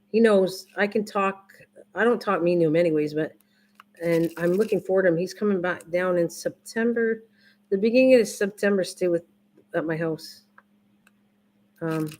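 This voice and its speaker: Older woman chatting rambly on a live stream. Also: fairly low pitch. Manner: rambling, repeats herself, restarts often. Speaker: livestream crafting host. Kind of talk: casual chat with live viewers.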